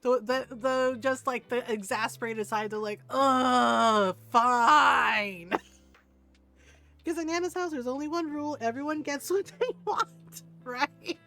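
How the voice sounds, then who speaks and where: Chatty grandmother streamer, higher voice. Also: moderate pace, soft background music. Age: older. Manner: chatty storyteller, laughs often, says "right?" a lot. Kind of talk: casual chat while playing a game.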